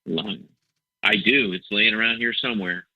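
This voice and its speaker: A man's voice: on the low side, fairly even intonation, moderate pace, no room sound. A middle-aged man from Ohio, a musician guest chatting in an interview, with a somewhat nasal voice. He rambles and repeats words, mocking himself with dry humor. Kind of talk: casual interview chat. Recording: dull dry phone-like audio.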